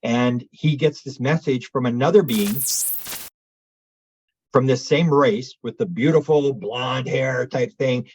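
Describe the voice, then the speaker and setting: A man's voice: medium pitch, slow pace, darkish tone, slightly rough, lo-fi sound. A man who is a guest on an interview show, telling a long story with energy and acting out the people he quotes. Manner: acts out quoted witnesses in raised voices. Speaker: interview guest, UFO researcher. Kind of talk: animated storytelling.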